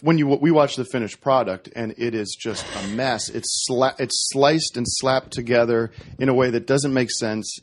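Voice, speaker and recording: A man in casual podcast chat, retelling a story with many restarts and quick corrections. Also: mid-range voice. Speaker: podcast guest.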